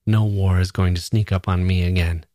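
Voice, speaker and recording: A man's voice: low voice, fairly even intonation, normal speed, mellow, no echo, lightly acted. A man voicing a wry young newspaper woman who is feeling ill, in a dry, understated way.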